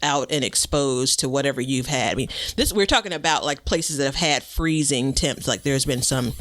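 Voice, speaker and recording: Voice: medium pitch, moderate pace, a bit bright, no room sound. A podcast co-host chatting casually about gardening, rambling and self-deprecating with lots of fillers.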